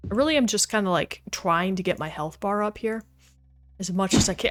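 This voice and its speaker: A woman's voice: mid-range voice, fairly quick. A woman streaming a video game, chatting casually with her viewers as she plays and often laughing. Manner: chatty, talks to chat while playing, laughs often. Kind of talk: casual livestream gaming chat.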